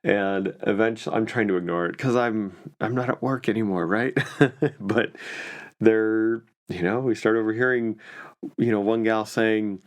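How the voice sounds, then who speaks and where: A man's voice: fairly low pitch, fairly even intonation, measured pace. A man who is an estate planning and probate attorney, telling a story casually with many fillers and restarts.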